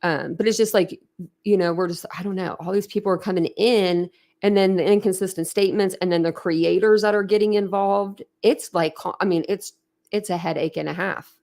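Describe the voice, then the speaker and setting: Young female livestream host, mid pitch with a raspy fry, talkative and emotional, quick to laugh. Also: fairly even intonation, a little mellow. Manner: chatty and emotional, laughs often, trails off and restarts. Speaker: host of a true crime channel. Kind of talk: casual livestream chat, reacting to viewer comments.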